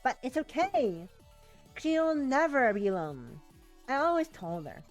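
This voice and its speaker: A woman's voice: sits high, sing-song, measured pace, soft background music. A woman reading a game's text as a giddy, clingy, obsessive girl, rambling with lots of "like". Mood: giddy dreamy. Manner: breathless valley-girl rambling, full of "like".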